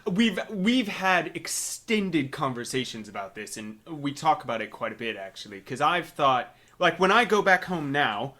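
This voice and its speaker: Animated American man telling stories. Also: a little high, moderate pace, few pauses. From United States. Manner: animated storyteller, playful. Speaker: podcast co-host. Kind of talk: casual chat.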